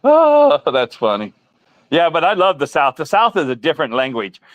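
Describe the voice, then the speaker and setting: A middle-aged man tells stories to his co-hosts and chat in a relaxed stream conversation. His voice sits a touch high, and the close mic sounds dry and close. He laughs easily along the way. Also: moderate pace, no echo, lo-fi sound. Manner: storytelling, chuckles at own jokes. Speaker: stream host. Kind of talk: casual chat.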